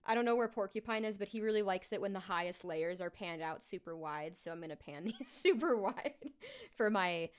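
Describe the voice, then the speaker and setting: A woman's voice: medium pitch, brisk, clear, resonant tone. A woman singer talking casually on a live stream while recording her vocals, thinking aloud with lots of fillers.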